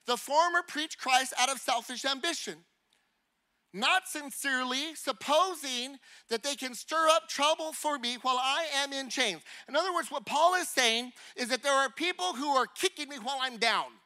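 A male preacher with a very high, sharply bright voice delivers a lively sermon. He talks in a chatty, conversational way. He peppers his listeners with rhetorical questions and acts out small scenes with funny noises. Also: moderate pace.

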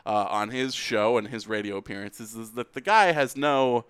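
A man co-hosting a podcast in casual chat. He rants animatedly and rises to shouts when annoyed. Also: medium pitch, moderate pace, clean tone, dry recording. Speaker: podcast co-host.

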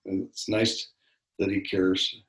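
A man's voice: low voice, flat delivery, slow pace, fairly bright tone, roomy sound, rough recording. An older man co-hosting a casual faith podcast, telling stories in a rambling way with many restarts and fillers. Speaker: podcast co-host.

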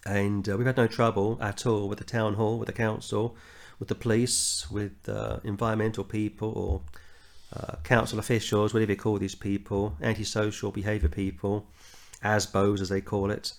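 A man's voice: fairly low pitch, flat delivery, moderate pace. A middle-aged Englishman, teaching a verse-by-verse Bible study and telling anecdotes, earnestly reading scripture with rising emphasis. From England.

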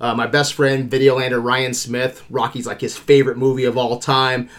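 Male podcast host, 30s, relaxed and animated, loose with swear words. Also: mid-range voice, moderate pace. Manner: animated, swears casually, laughs often. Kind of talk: casual movie review chat.

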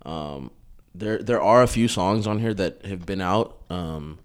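A young man in casual chat, talking loosely with slang and swearing, quick to laugh. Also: deep voice, smooth.

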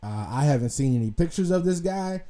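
A man's voice: a little high, expressive, fairly quick, mellow. A young adult man hosting a casual commentary monologue, talking loosely, swearing freely and trailing off into restarts. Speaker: podcast host.

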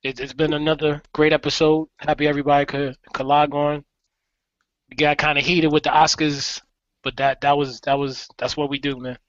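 A man co-hosting a podcast in casual chat, slangy and quick to laugh. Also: a little high, no room sound. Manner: laughs a lot, slangy and animated. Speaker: podcast co-host. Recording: dull lo-fi sound.

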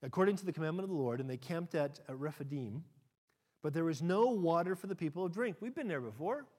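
A middle-aged man preaching a sermon, acting out quotes with big leaps in pitch and moving between quick and slow delivery. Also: lively intonation, a little mellow. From United States. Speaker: pastor.

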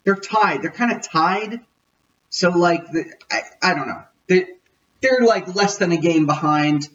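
A man's voice: high-pitched, measured pace, fairly bright tone, distant mic, muffled recording, a little hiss or hum. A man hosting a casual sports podcast, jokey and rambling, often correcting himself. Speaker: podcast host.

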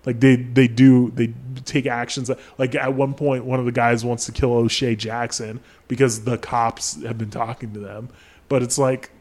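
A man's voice: medium pitch, little pitch movement, moderate pace, darkish tone. A young man hosting a podcast, talking casually and profanely with lots of fillers. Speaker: podcast host. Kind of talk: casual chat.

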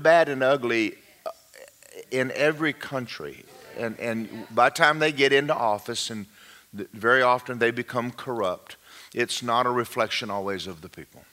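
Folksy preacher, bright-toned. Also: male voice, medium pitch. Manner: folksy and rambling, often restarting. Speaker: pastor. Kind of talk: informal sermon talk.

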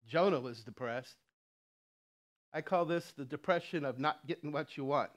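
A man's voice: a little high, normal speed. A man preaching a sermon in a conversational way, with frequent chuckles and asides. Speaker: lay preacher.

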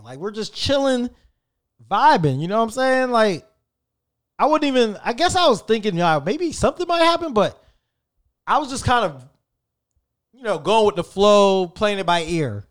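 A man in his thirties tells a story in a relaxed, slangy way, with plenty of swearing. His voice sits a little high for a man, and his pitch jumps around a lot as he gets into the tale. He sounds casual and animated throughout. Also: smooth. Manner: animated, profane, slangy and conversational.

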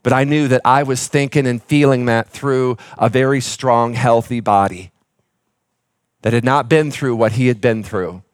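A man's voice: mid-range voice, steady tone, moderate pace, no room sound, clean studio sound. A middle-aged man preaching a sermon as pastor, telling a personal story with fillers and restarts.

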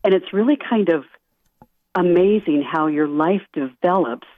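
Soft-spoken woman on a tinny phone line. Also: fairly low pitch, lively intonation, unhurried, no room sound. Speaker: life coach guest. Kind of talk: radio interview answers.

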